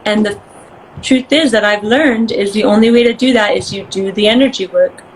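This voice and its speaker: A woman guest in a casual interview chat, bubbly and quick to laugh, acting out voices as she tells stories. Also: mid-range voice, slight background noise, low-quality recording.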